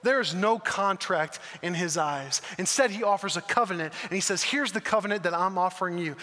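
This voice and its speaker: Pastor, man, earnest emphatic sermon delivery, bright tone, long hall reverb. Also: sits high, a little fast, hardly any pauses. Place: church hall.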